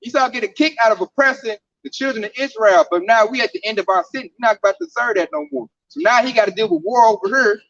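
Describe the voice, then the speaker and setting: High-voiced man telling stories off-mic. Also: fast talker, few pauses, a bit bright, no echo, distant mic. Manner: storytelling, emphatic, slangy. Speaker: camp speaker. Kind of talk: informal scripture discussion. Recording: dull sound from off the mic.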